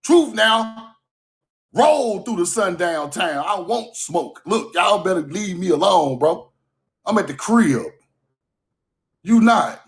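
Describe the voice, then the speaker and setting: Fired-up high-voiced man ranting. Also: lively intonation, slow pace, long pauses. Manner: loud, fired-up, repeats "bro", swears, laughs between points. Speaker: livestream host. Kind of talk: heated livestream rant. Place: at home.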